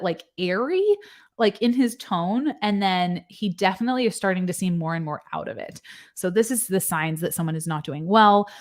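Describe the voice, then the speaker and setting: A woman nurse giving casual commentary, explaining medical points in plain, conversational terms. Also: medium pitch. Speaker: nurse reacting to a news case.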